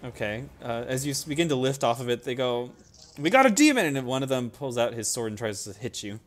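Animated young male game master. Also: mid-range voice, fast, faint music behind. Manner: animated, laughing, loose with fillers and swearing. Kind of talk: narrating a tabletop game.

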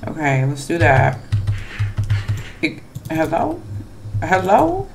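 A gamer narrates a scary game in a chatty, slightly nervous let's play commentary and keeps talking back to the characters on screen. The delivery is unhurried, and hushed asides sit between louder moments. Faint noise and soft keyboard typing run underneath. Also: mid-range voice, huge pitch swings. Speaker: gamer playing horror games.

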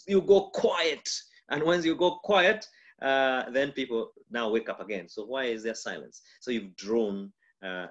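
A man with a Kenyan accent, a pastor giving a mentorship lecture on communication, demonstrative and full of pauses and shifts in volume. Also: dull audio. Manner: lively, demonstrative, shifts volume and pitch to illustrate.

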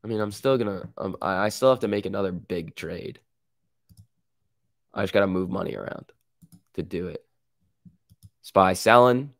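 A man's voice: deep voice, moderate pace, long pauses, dry recording, studio quality. A man with a sick voice hosting a live stock market stream, reading chat and reacting in casual slang. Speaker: stock market livestream host.

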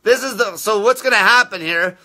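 A man's voice: high voice, fairly quick, sharp tone. A man hosting a live show, ranting aggressively with constant swearing and insults aimed at his viewers. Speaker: fasting diet coach hosting a live show. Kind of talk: profane live-stream rant.

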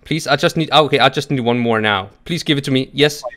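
A man chatting over a co-op game session, excitable, laughing often and cheering loudly. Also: medium pitch, fast. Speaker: co-op gaming partner. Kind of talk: live gameplay chat.

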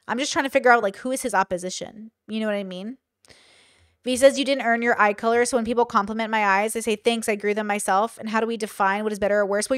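A woman's voice: a little high, no room sound, studio quality. Blunt, profane woman streamer. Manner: blunt, profane, animated rants. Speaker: streamer reacting to a video. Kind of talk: casual live-stream commentary.

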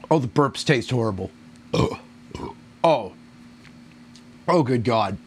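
A man's voice: medium pitch, a bit bright. A man reviewing a beer on his own, rambling, groaning and complaining in crude language. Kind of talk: casual solo review.

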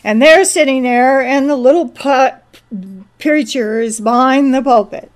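This preacher, a woman with a high voice and a measured pace, delivers an informal sermon. She tells a story drawn from a film and urges her listeners on.

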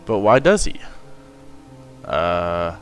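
A man's voice: low-pitched, sing-song, very slow, faint music behind. Jumpy young man playing a horror game. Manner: jittery, swearing, yelps when startled. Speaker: gamer.

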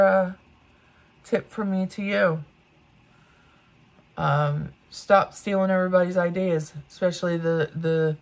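A woman in her fifties doing get-ready-with-me commentary, blunt and ranting, swearing freely. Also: low-pitched. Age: 50s. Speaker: beauty vlogger.

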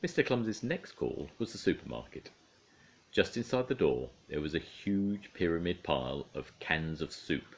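An older man, a grandfather, reading a children's bedtime story aloud in a playful, expressive way. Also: low-pitched, moderate pace, creaky, a little hiss or hum.

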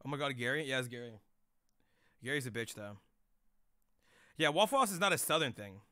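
A man's voice: medium pitch, very animated, brisk, pushed and bright. A young man streaming live, chatting loosely with chat in rambling, profane slang.

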